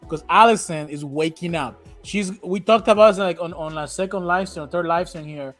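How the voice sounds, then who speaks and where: A man co-hosting a casual TV reaction show, animated and acting out characters' lines as he recaps scenes. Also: high voice, moderate pace, soft background music. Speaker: podcast co-host.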